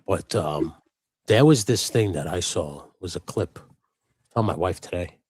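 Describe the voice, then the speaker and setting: Unhurried but animated, a man co-hosting a live customizing stream chats casually, swearing plenty and wandering off topic. His low voice has a darkish tone and a breathy edge, with no room sound.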